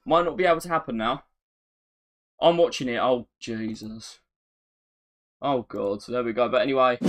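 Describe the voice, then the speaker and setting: A man chatting on a live stream, excitable and self-mocking, often repeating himself. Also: medium pitch. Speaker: gaming streamer. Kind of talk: casual live-stream chat.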